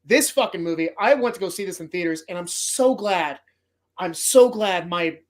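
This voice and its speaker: A man's voice: sits high, animated, moderate pace. Rambling, profane male podcast host. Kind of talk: casual movie podcast talk.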